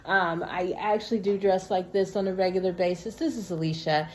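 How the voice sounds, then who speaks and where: Speaking directly to camera, a woman vlogs in a casual, earnest, heartfelt way, captured on a built-in camera or phone mic. Her voice is lowish and a little mellow, and she talks fairly quickly.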